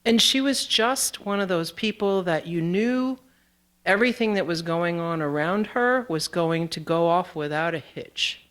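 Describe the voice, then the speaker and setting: Slow, soft-spoken woman at a theater event. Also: lowish voice. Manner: slow, gentle, halting delivery. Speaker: community theater board president. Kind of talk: speaking at an awards event. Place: theater room with audience.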